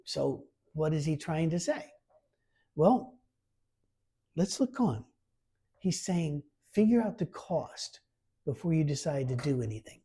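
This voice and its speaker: A man preaching a conversational sermon, informal and lively, reading scripture aloud with emphasis. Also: on the high side, slow, pauses often, breathy edge. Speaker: pastor.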